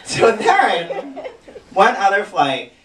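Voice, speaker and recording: A man's voice: high-pitched, very animated, extremely slow. A man telling bawdy, camp stories as a drag comedian on a cabaret stage, laughing through them. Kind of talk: live stand-up storytelling. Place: small cabaret theater stage. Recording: roomy, distant live recording with loud noise.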